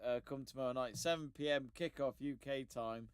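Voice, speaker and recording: A man hosting a casual sports chat show, upbeat and animated as he presents. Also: mid-range voice, a little fast, clean tone, no room sound, studio quality. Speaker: host.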